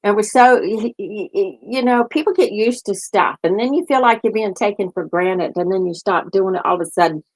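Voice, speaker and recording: A woman's voice: medium pitch, brisk, few pauses, poor audio. Chatty storytelling woman, older. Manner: chatty storytelling, laughs often, acts out family members' lines. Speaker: host. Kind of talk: casual chat.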